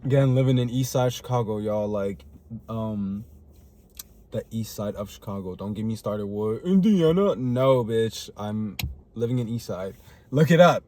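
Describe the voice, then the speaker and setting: A man's voice: fairly low pitch, animated, measured pace, mellow. Rambling young man talking to camera. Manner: rambling, chatty, full of fillers and restarts. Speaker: vlogger. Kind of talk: casual personal monologue to camera. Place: living in Chicago.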